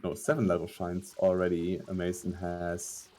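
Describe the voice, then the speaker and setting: Low, dark-voiced male commentator with halting speech. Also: monotone. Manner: halting, analytical, many fillers. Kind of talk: live esports commentary.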